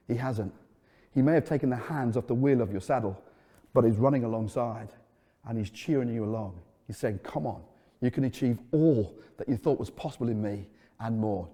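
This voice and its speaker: A middle-aged man preaching a sermon as a pastor, telling stories and dropping into a soft, earnest tone. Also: mid-range voice. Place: church. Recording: echoey hall. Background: long hall reverb.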